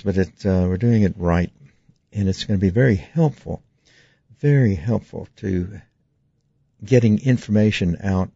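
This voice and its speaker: Gravelly low-voiced dentist hosting radio. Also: male voice, dark tone, dry recording. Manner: earnest, explanatory, with frequent fillers and restarts. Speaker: radio talk show host, dentist. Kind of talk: call-in radio talk. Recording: dry, muffled radio studio sound.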